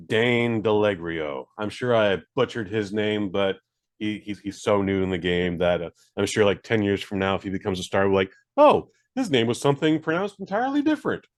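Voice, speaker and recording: A man co-hosting a podcast, reviewing a movie in casual, rambling chat with many fillers and jokes at his own expense. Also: lowish voice. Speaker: podcast co-host.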